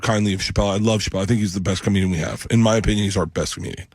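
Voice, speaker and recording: A man's voice: fairly low pitch, very fast, slightly rough, no echo. A middle-aged man, a guest comedian in a radio studio, telling rambling stories with lots of laughter and restarts. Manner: animated, laughs through his stories. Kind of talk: casual interview storytelling.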